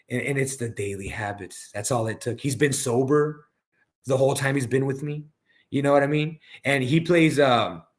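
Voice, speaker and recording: A man who is a coach, talking casually as a podcast guest and often calling the listener "bro". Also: medium pitch. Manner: casual, peppers speech with "bro".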